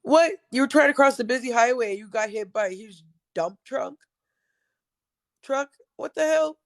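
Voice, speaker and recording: Gravelly-voiced woman riffing on the news. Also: high voice, brisk. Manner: blunt, sarcastic, laughs often. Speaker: show host. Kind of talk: casual commentary reading news aloud.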